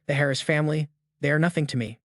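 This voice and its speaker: A man's voice: fairly high pitch, quick pace, no room sound, clean studio sound, lightly acted. A man voicing a cold, arrogant young male swordsman, speaking in a blunt, icy, curt way.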